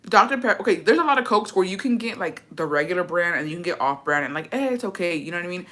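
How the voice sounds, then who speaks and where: This vlogger talks fast in a lowish, expressive, slightly bright voice. Speaking casually to the camera, she swears, plays things up dramatically, and mixes Spanish phrases into English.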